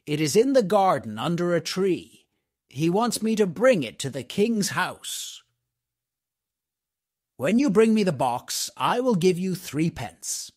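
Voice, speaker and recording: A man voicing an earnest young man in a storybook, read slowly and clearly. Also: sits high, sing-song, darkish tone, no echo, studio quality. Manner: slow, clear storybook reading. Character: young man, bold and devoted.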